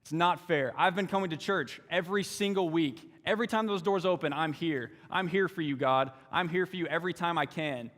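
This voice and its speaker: A man's voice: fairly high pitch, fairly quick, hardly any pauses, fairly bright tone, pitched above the performer's own voice, lightly acted. A man voicing a resentful older brother who complains that it is not fair, in a hall with a long echo. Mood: resentful, aggrieved. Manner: pleading, aggrieved complaints. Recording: long church hall reverb.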